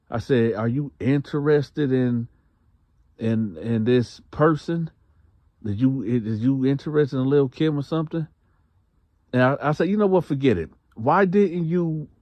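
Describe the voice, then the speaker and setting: A man's voice: on the low side, no echo, lo-fi sound. A man casually telling a prison story in heavy slang, acting out each person's lines himself.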